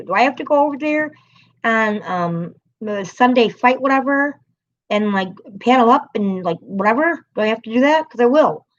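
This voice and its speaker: A woman chats loosely on her own livestream, her sentences full of restarts and her talk broken by laughter and swearing. Her voice sits at a middling pitch. The stream audio comes through dull and lo-fi. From American city. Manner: rambling, chatty, laughs often, swears. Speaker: livestream host. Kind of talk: casual livestream chat.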